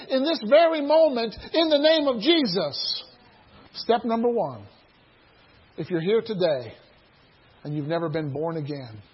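A man preaching a sermon to his church, building to loud shouted crescendos and dropping back to a low, quiet delivery. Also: breathy edge, lo-fi sound. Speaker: pastor.

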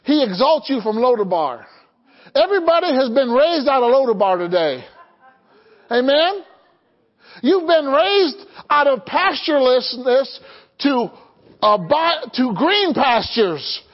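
A man's voice: very high-pitched, very animated, unhurried, highs cut off. A man preaching a sermon as pastor, calling out to the congregation and prompting them to answer back. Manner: call-and-response preaching, asks the congregation to answer.

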